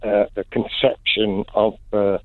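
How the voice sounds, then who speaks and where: A man's voice: lowish voice, little pitch movement, measured pace, no echo. A man from Cumbria calling a radio show, hesitant and joking. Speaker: caller. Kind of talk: phone-in call. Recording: dry phone line.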